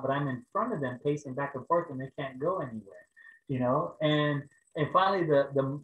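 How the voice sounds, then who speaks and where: A man preaching over a video call, telling a personal story in an animated way and raising his voice for the prayers. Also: medium pitch, reverberant, rough recording. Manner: animated storytelling, rising to loud exclaims when acting out prayers. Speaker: pastor.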